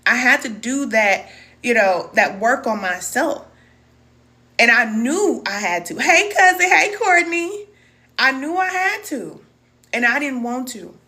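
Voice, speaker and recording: A woman's voice: a little high, expressive, unhurried, pushed and bright. A middle-aged woman, a spiritual wellness teacher, talking casually and emotionally to viewers on a live stream, reading their comments and calling them cousin.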